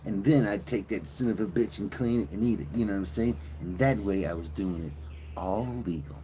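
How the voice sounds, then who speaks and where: A man's voice: low voice, brisk, warm tone, slight background noise. Crude rambling man on a farm livestream. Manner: crude, joking, rambling storyteller. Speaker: livestream host. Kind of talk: casual live-stream chat. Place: outdoors on a farm with cows nearby.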